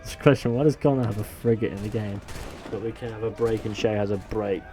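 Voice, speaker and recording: A man's voice: on the low side, fairly even intonation, fast talker, warm tone, soft background music. A man from northwest England with a Manchester accent, live-streaming a game, reading chat aloud and joking in a rambling way.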